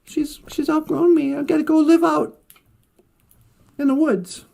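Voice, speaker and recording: Brief: gentle, sorrowful storybook teddy bear, voiced by a woman, high and meek. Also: fairly even intonation, a little slow, gravelly, exaggerated voice. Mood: sad, meek. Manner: meek, hesitant. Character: small sad male teddy bear, timid and gentle.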